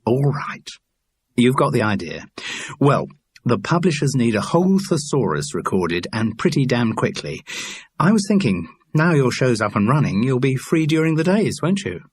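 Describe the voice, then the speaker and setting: A man's voice: medium pitch, sing-song, moderate pace, breathy edge, no echo, voice pushed up. A man voicing a firm, businesslike woman who produces recordings, in an audiobook.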